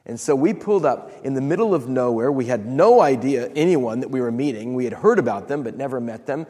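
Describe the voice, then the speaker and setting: A male pastor telling a story in a sermon, with dramatic pauses and laughs. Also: medium pitch, expressive, mellow, husky. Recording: long reverb of a large hall.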